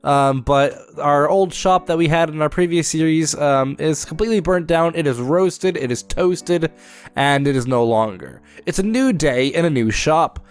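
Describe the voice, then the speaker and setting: A man's voice: on the high side, lively intonation, moderate pace, hardly any pauses, smooth. A young man with a congested, sore-throated voice, chatting casually as he hosts a let's-play of a game. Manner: rambling, chatty, many filler words. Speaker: gaming channel host.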